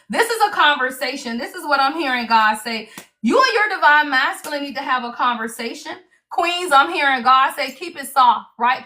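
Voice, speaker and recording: A woman giving a livestream tarot reading, lively and salty, cursing freely and throwing in "y'all.". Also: sits high. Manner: animated, salty, cusses freely, keeps saying y'all. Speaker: tarot reader.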